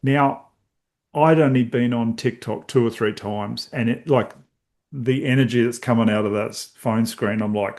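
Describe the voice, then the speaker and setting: A man's voice: medium pitch, normal speed, a little mellow. A middle-aged man, a podcast host telling stories in casual conversation and acting out his own reactions.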